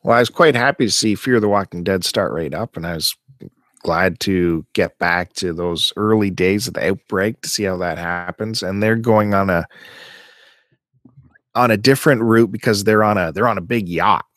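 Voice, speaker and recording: Low-voiced man, casual podcast host. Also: moderate pace, fairly bright tone, no room sound, studio quality. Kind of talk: casual chat.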